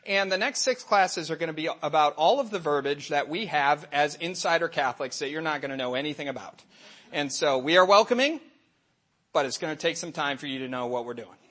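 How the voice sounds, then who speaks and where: A middle-aged man, a Catholic catechist, giving a lively faith talk to an audience and acting out little voices in his stories. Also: a little high, a little fast. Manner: animated storytelling, acts out voices and asides.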